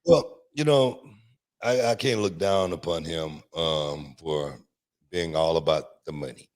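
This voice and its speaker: A man's voice: a bass voice, a little slow, darkish tone. A middle-aged man hosting a casual sports podcast in a studio. He talks in a laid-back way and repeats words while he gathers his thoughts. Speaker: podcast host. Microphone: studio microphone.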